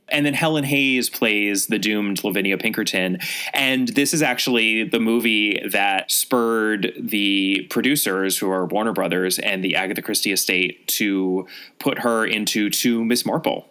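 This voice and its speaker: A man co-hosting a podcast, chatting about a mystery novel in an animated, wry, gossipy way. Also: fairly low pitch, moderate pace. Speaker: podcast co-host. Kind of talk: casual chat review.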